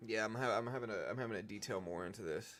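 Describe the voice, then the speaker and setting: A man hosting a live trading stream, talking quickly and casually, thinking aloud with slang like dude and bro, on a desk microphone. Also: on the low side, fairly bright tone, faint music behind.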